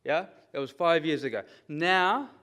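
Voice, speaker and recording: A middle-aged man giving a lively, conversational conference talk and often checking in with the audience. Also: a little high, unhurried. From New Zealand. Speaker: conference speaker. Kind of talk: conference presentation.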